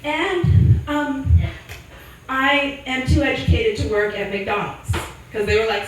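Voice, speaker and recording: A woman's voice: fairly high pitch, slow pace, slight background noise. A young woman from Sacramento performing a crude, self-deprecating stand-up comedy set. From Sacramento, California. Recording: echoey room mic'd from a distance.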